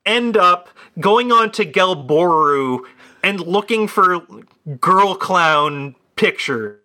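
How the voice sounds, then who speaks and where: A man's voice: sits high, animated, slow pace, sharp tone. A man co-hosting a podcast in casual chat, cracking crude jokes and stammering on his starts. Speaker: podcast co-host.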